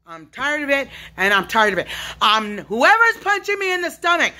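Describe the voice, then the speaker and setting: A woman vlogger in an agitated, unscripted monologue, talking low and steady between sudden high shrieked outbursts. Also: normal speed. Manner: talks low and steady, then breaks into high shrieked curses. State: agitated, at times crying out.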